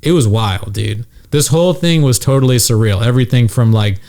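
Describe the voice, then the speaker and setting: A man's voice: mid-range voice, a little fast, darkish tone. Crude storytelling man on a podcast. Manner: crude, storytelling, acts out voices. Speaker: podcast host. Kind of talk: casual chat.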